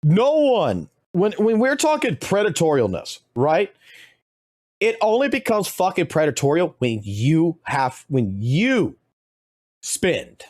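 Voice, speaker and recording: A man's voice: high-pitched, wildly swooping pitch, unhurried, a little mellow, dry recording, clean studio sound. A man streaming a game, ranting heatedly about spending and swearing constantly. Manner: heated, heavily profane ranting. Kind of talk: ranting reaction commentary.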